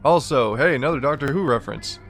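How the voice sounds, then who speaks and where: A man's voice: medium pitch, expressive, quick pace, a bit bright, soft background music. A man casually commenting on a game he is playing, with wry, offhand remarks. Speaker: let's play host.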